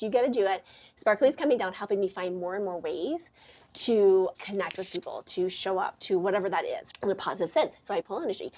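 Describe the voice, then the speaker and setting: A woman hosting a casual chat, telling stories with lots of playful acted-out quotes. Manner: animated storyteller, acts out quotes in high voices. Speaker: podcast host.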